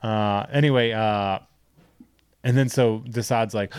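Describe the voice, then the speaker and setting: A man co-hosting a podcast, casually recapping a movie with profanity and quick impressions of the characters. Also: on the low side, steady tone, darkish tone, clean tone, no room sound. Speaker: podcast co-host.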